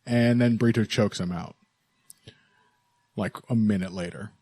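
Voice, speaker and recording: A man's voice: fairly low pitch, measured pace, dark tone, slightly rough, dry recording, clean studio sound. A man co-hosting a combat sports podcast in casual chat, wry and laughing often, with plenty of fillers. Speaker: podcast co-host.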